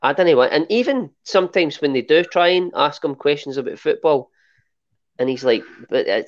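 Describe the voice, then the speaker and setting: A man's voice: on the high side, expressive, a little fast. Scottish man, podcast regular, blunt, easy laugh, dull lo-fi sound. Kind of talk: casual football chat.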